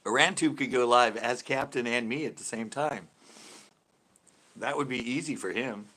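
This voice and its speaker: A man's medium-pitched voice, bright and forceful at a normal speed, carries this casual live after-show stream from his home. He chats with viewers and laughs often as he talks.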